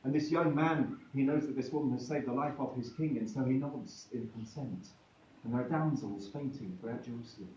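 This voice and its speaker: Brief: male live storyteller, playful and chatty, mid-pitched, heard from afar in a roomy hall with dull sound. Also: a little fast, a little mellow, a little hiss or hum. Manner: playful, chatty, breaks off to joke with the audience. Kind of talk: live comic storytelling to an audience. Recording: echoey room from far, dull sound with faint music.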